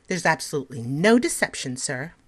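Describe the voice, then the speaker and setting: A woman's voice: sits low, very animated, a little fast, breathy edge, full character voice. A woman voicing a polite, affable male magic-shop conjurer in a storybook reading, courteous and showy.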